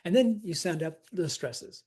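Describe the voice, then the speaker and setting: A man's voice: high voice, animated, measured pace, a little mellow, slightly rough. A man teaching a casual lecture, explaining step by step with fillers and sounded-out syllables. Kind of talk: lecture on verse scansion.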